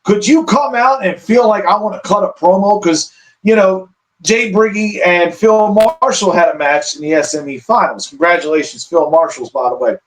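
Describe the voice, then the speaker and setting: A man's voice: sits high, moderate pace, low-quality recording. A man, a guest analyst on a casual podcast, who explains at length and keeps checking in with "right?".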